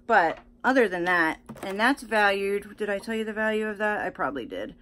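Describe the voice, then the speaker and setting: Chatty excitable woman beauty vlogger. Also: medium pitch, brisk, slight background noise. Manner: chatty, excitable, many fillers and restarts. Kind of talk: casual unboxing chat.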